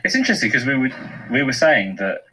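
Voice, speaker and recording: A man's voice: medium pitch, very animated, fast, sharp tone, faint music behind, poor audio. A man co-hosting a fan podcast, chatty and gushing as he tells a story about a friend. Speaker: podcast co-host. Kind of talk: casual commentary chat.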